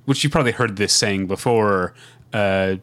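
A man's voice: fairly low pitch, moderate pace, fairly bright tone. A man in his forties with a Midwestern accent, co-hosting a casual podcast and rambling with frequent restarts. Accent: Midwestern American. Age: 40s. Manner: rambling, self-interrupting, laughs easily. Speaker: podcast co-host.

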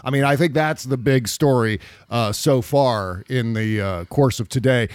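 A man's voice: mid-range voice, a little slow, no room sound, clean studio sound. A man hosting a podcast, chatting casually and animatedly about election results, laughing and swearing freely. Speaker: podcast host. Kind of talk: casual political chat.

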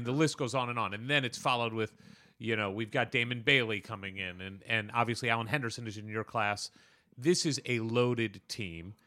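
A man's voice: fairly low pitch, bright, forceful tone, dry recording, clean studio sound. A man hosting a podcast, setting up his questions with long framing before asking the guest. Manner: sets up questions with long framing, laughs along. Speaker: podcast host. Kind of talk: interview questions.

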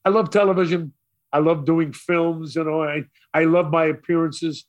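Older Brooklyn man with a New York accent, slightly high voice, theatrical storyteller. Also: steady tone, moderate pace. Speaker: radio DJ guest. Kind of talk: storytelling interview.

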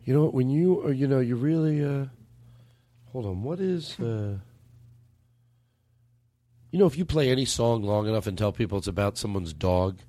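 A man hosting a comedy podcast, his voice nasal from a cold. He rambles through a joking story with a very lively, swooping delivery. The studio sound is close and dry. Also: medium pitch, moderate pace, long pauses, no room sound. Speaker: podcast host.

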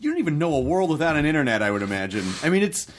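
A man's voice: on the high side, big pitch swings, rapid-fire, slight background noise. A middle-aged American man hosting a casual interview, playful and rambling with jokey asides. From United States. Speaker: interviewer host.

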